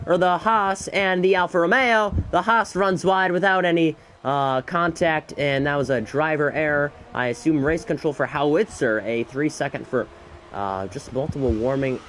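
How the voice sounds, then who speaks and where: A man doing solo live commentary on an esports race, excitable and a bit out of breath, with chatty asides between the action. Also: a little high, a little hiss or hum. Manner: excitable, rising to shouts in battles, chatty asides.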